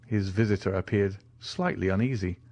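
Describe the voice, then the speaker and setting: A man narrating an audiobook in a measured, expressive reading. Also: lowish voice, dry recording. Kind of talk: scripted narration.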